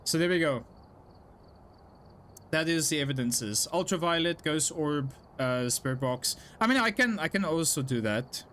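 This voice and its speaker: A young man streams a horror game, his fairly high voice animated and a bit bright over slight background noise. He chats casually with viewers, explaining as he plays and tossing in quick asides and laughs.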